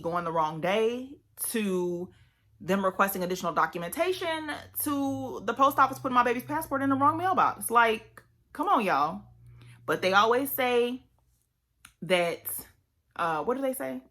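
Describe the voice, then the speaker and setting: A young woman telling a story to her vlog viewers in casual, animated chat full of fillers. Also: medium pitch, normal speed. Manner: animated, chatty, many fillers. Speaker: vlogger.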